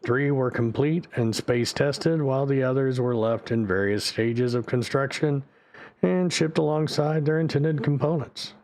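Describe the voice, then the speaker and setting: A man voicing a formal male newscaster who reads a ship guide in a measured announcer delivery. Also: medium pitch, a little mellow, natural voice.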